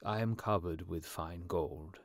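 A noble, compassionate statue prince from a fairy tale, speaking calmly and earnestly, voiced by a male reader. The voice is fairly low and gentle. It is recorded dry and close. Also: measured pace, no room sound.

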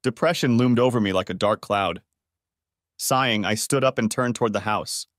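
A man's voice: lowish voice, normal speed, dry recording. Man narrating a story in a dry room. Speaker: audiobook narrator. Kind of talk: first-person story narration.

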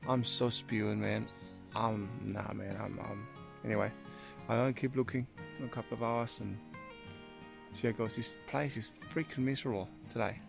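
A man talks straight to his viewers on a hunting vlog, out in damp bush. His voice has a gravelly, creaky edge and an easy, swearing manner. Guitar music plays clearly behind him. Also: on the low side, steady tone, normal speed. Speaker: hunting vlogger. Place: outdoors in wet bush.

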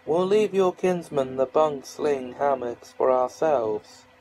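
A man's voice: mid-range voice, slow, a little mellow, a little hiss or hum, natural voice, low-quality recording. A man voicing a friendly young king in a storybook reading, speaking in courteous, old-fashioned phrasing.

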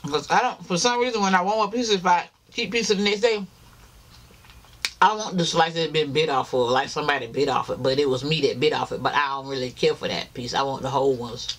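A man's voice: a little high, a little fast, a bit bright, a little hiss or hum. Chatty man eating on camera. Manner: chatty, talks straight to viewers as y'all, chewing between lines. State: tired. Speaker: mukbang vlogger. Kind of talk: casual chat while eating on camera.

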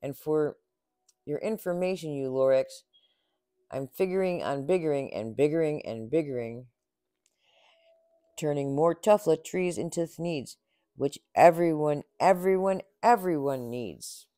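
A man reading a storybook aloud, voicing a greedy factory owner who yells back stubbornly. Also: on the high side, measured pace, pauses often, no room sound, clean studio sound, close to an everyday voice. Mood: defiant. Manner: yelling, stubborn and boastful.

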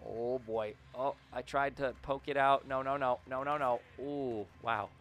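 A man giving casual, excitable commentary over his own gameplay, muttering to himself, then yelling when things happen. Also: measured pace. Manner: excitable, swings between low muttering and sudden yells; talks to the game and himself, repeats phrases. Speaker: gaming video creator.

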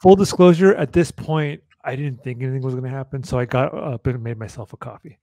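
A man's voice: mid-range voice, brisk, warm tone. A man co-hosting a podcast, chatting casually in a laid-back, joking way. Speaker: podcast co-host. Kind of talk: casual chat.

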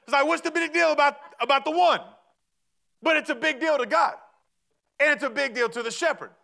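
High, gravelly, bright-voiced preacher man. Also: brisk. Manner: conversational preaching, storytelling, rising to shouts. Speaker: pastor. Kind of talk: sermon.

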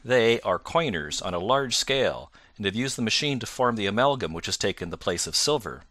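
A man's voice: on the low side, lively intonation, fairly bright tone, no room sound, clean studio sound. A man reading as Sherlock Holmes, cool and precise. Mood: confident. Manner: measured, precise, self-assured. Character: Sherlock Holmes, calm incisive male detective.

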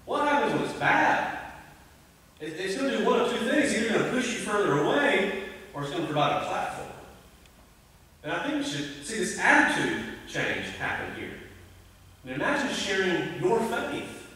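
A man preaching a conversational, animated sermon, recorded from a distance in a church sanctuary. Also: moderate pace. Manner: conversational, animated preaching with sudden rises in pitch. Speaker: pastor. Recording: echoey church hall, voice from a distance.

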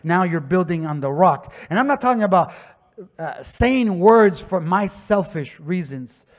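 A pastor with a Miami accent preaching a sermon, telling stories conversationally and rising to impassioned shouts. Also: male voice, high voice, animated, a little slow. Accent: Miami English. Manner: conversational storytelling with acted quotes. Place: church sanctuary.

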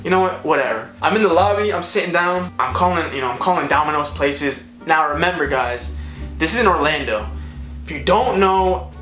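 A young man telling a storytime vlog story in a rambling, animated way, full of fillers. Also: on the high side, brisk. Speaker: vlogger. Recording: echoey room, faint music.

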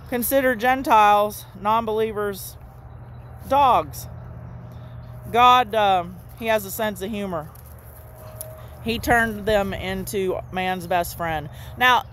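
A woman street preacher giving an informal, animated sermon straight to camera, with playful asides to her listeners. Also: medium pitch, takes it slowly, long pauses, slight background noise.

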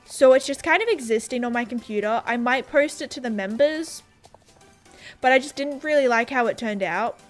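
A woman's voice: fairly high pitch, normal speed, faint music behind. A young Australian woman streaming a game and chatting casually with her viewers. She talks in a bubbly, scattered way, full of "like" and giggles. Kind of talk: casual livestream chat, reading viewer comments.

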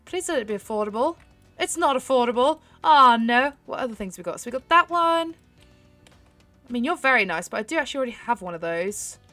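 A young woman chatting excitedly to her viewers while she plays a horse game, giggling often. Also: on the high side, brisk, dry recording, faint music behind. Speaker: gaming YouTuber. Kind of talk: casual gameplay commentary.

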